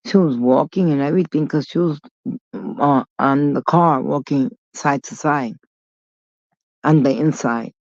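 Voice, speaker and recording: A woman's voice: deep voice, a little slow, darkish tone, dry recording. A woman vlogger telling a long story in a rambling, digressive way, blunt and full of swearing. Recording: dull lo-fi recording.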